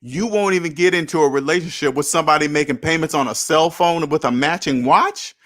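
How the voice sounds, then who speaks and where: A somewhat high, fairly quick and fairly bright male voice belongs to a host in his thirties or older, reading and answering chat on a casual livestream. He lectures viewers bluntly and swears freely.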